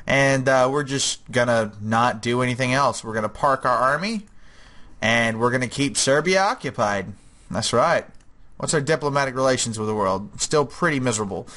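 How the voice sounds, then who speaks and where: A man's voice: mid-range voice, normal speed, sharp tone. A young man giving casual, rambling gameplay commentary, chatty and jokey.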